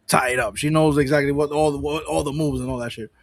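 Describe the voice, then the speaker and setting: A man chatting casually on a gaming podcast, swearing freely and drifting into rambling asides. His voice is a touch high for a man and is recorded dry and close, with no room sound. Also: fairly even intonation, fast, no room sound. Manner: loose and profane, rambling asides. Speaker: podcast co-host. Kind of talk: casual livestream chat.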